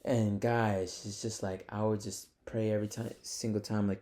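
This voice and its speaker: A man's voice: lowish voice, flat delivery, moderate pace, hardly any pauses, mellow. A young man talking straight to his viewers in a casual vlog, rambling and earnest, full of fillers and calling them "guys" and "man". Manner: calls the audience "guys" and "man". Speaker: trading vlogger.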